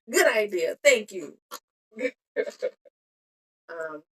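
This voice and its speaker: Speaking very slowly yet very animated, this medium-pitched woman makes bead earrings on her phone live stream and chats casually with viewers. She giggles, mutters to herself, and lets sentences trail off, all captured in cellphone audio.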